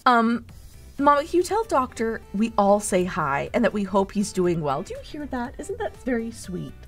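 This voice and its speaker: A woman's voice: on the high side, huge pitch swings, normal speed, soft background music. A woman streamer hosting a cozy barista role-play, reading chat aloud in a teasing, playfully motherly way. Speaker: VTuber streamer, host.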